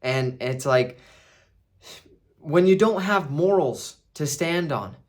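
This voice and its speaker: A man's voice: fairly high pitch, animated, takes it slowly. A man casually recapping a film, rambling with restarts and fillers. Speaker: movie reviewer.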